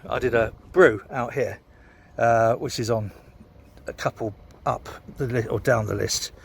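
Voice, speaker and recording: A British man with a British English accent vlogs outdoors by a canal in a casual rant, rambling, swearing, and ranting heatedly while a bit tipsy after a beer. His voice is medium-pitched, with a little hiss or hum.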